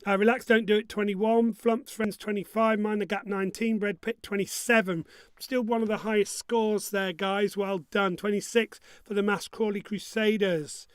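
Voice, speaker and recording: Jokey high-voiced quiz host. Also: male voice, level tone, moderate pace, smooth, no room sound. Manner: jokey and upbeat, hums his own jingles. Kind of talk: online pub quiz hosting.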